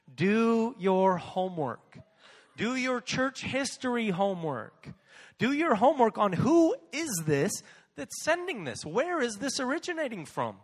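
A man preaching in a high, lively voice that swoops up and down as he hammers on his points and says them again and again. His sermon rings through a church sanctuary with a long, echoing reverb. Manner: animated, emphatic, repeats key phrases. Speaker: pastor.

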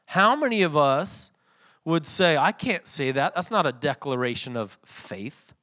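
A man preaching a sermon, swinging from loud emphatic passages to soft, quiet readings. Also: fairly high pitch, expressive, unhurried. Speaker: pastor.

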